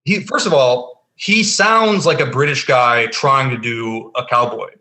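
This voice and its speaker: A man co-hosting a casual film podcast, griping at length. His voice is bright and tense, at a middle pitch. He talks emphatically, circling back and restarting, with lots of fillers. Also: measured pace. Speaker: podcast co-host. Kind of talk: casual film review chat.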